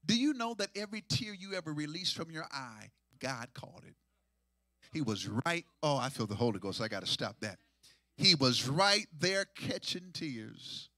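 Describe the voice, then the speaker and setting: Man, pastor, high voice, very bright and forceful, half-sung call-and-response sermon. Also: sing-song, measured pace, no room sound. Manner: call-and-response preaching, swinging from hushed to near-sung shouts.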